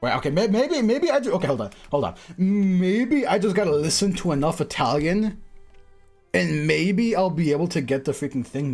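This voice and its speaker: A man's voice: sits high, lively intonation, normal speed, a little mellow. A man streaming casually, chatty and self-mocking, laughing at himself often as he reads and greets his chat. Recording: faint music underneath.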